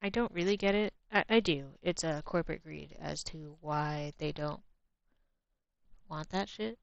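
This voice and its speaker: A low-pitched American woman talks casually to her livestream chat while she draws. She is blunt, swears freely and laughs a lot. Her voice sounds dry and close, with slightly muffled, lo-fi audio. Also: measured pace, gravelly, no room sound. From United States. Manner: drifts to quiet murmurs while working.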